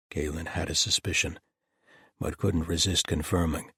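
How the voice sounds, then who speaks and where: A man reading an audiobook in a steady, even narration. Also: a bass voice, moderate pace, husky, no echo, clean studio sound. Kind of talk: scripted narration.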